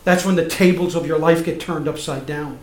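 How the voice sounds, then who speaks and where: A male pastor preaching a sermon, swinging from loud emphatic passages to soft hushed ones. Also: on the high side, steady tone, fairly quick, roomy sound.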